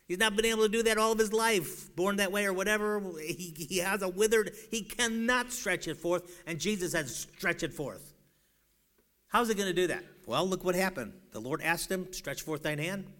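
Animated high-voiced male preacher. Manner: animated, rising to pleading cries when voicing doubt. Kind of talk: sermon.

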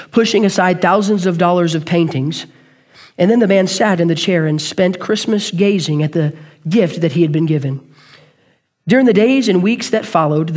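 A male preacher with a high voice tells a story in earnest. He moves quickly and sometimes stops to correct himself mid-sentence. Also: a little mellow. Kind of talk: sermon.

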